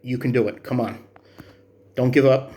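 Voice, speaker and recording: In his motivational fitness vlog, a man in his fifties rambles earnestly about his workout progress and encourages viewers along the way. His mid-range voice has a dark, steady tone and a moderate pace.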